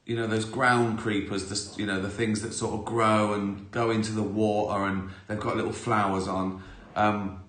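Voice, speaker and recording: A man's voice: fairly low pitch, level tone, moderate pace, hardly any pauses, fairly bright tone. A man hosting a live stream, rambling through self-mocking anecdotes with the odd swear. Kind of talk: casual anecdotal chat. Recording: roomy echo.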